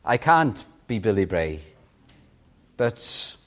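Slow, lively older male preacher. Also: a little high. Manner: impassioned preaching, swelling and dropping for emphasis. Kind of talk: sermon.

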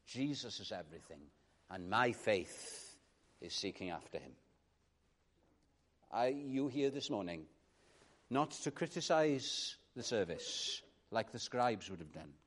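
A man preaching a sermon in an earnest manner, rising to emphatic calls and dropping to quiet reflection. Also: lowish voice, very animated, measured pace, pauses often.

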